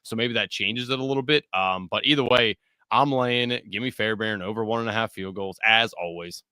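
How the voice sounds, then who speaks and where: Betting show guy, lowish voice, kinda bright and punchy, jokey laid-back chat, dry mic. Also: a little fast, no echo. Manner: laid-back, joking, laughs between picks. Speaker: co-host of a sports betting show. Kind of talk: casual sports betting chat.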